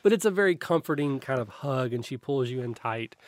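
A man narrating a tabletop role-playing game as game master, describing scenes in a relaxed, rambling way. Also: medium pitch, fairly quick, no room sound. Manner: descriptive, relaxed, with frequent restarts.

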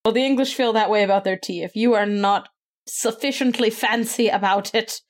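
A woman's voice: mid-range voice, fairly even intonation, brisk. A woman from Canada co-hosting a podcast, chatting casually and riffing with frequent laughter. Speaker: podcast co-host. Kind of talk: casual chat.

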